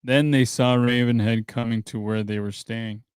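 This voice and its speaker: A man hosting a podcast, reading a translated traditional story aloud in a plain, steady way, with dry offhand asides. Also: mid-range voice, normal speed, smooth, no room sound. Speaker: podcast host.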